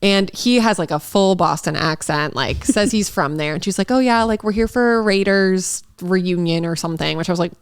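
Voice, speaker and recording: A woman's voice: lowish voice, moderate pace, few pauses, clear, resonant tone, no room sound. A young woman from Massachusetts co-hosting a podcast, telling gossipy stories in casual chat with lots of "like". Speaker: podcast co-host.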